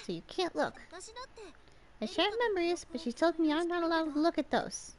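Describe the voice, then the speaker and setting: High-voiced woman streamer reading game lines. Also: animated, normal speed, long pauses. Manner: reads dialogue in several voices between casual asides. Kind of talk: reading game dialogue aloud on a live stream.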